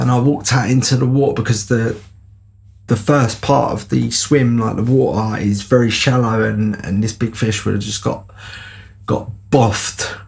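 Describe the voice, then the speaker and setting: A man's voice: fairly low pitch, gravelly. A man telling a casual, rambling anecdote with lots of fillers and restarts. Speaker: podcast storyteller.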